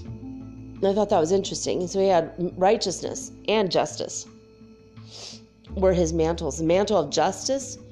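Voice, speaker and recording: A woman speaks straight to her viewers in a candid, emotional vlog, laughing easily and swearing casually. Her voice is mellow and warm, and faint music plays underneath. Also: on the low side, unhurried, pauses often. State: tearful at times. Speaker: spiritual vlogger. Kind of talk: casual confessional talk to viewers.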